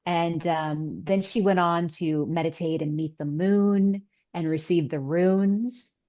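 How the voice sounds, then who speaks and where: Low-voiced woman, earnest storyteller. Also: steady tone, slow pace, warm tone, dull audio. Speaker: guest author and healer. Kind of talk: casual interview chat.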